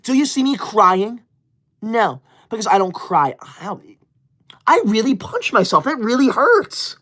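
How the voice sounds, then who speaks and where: A man in his twenties playing a touchy, self-important young livestreamer who reads super chats in an indignant, whiny way and shouts at viewers. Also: high voice, big pitch swings, a little slow, full character voice. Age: 20s. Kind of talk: parody livestream skit.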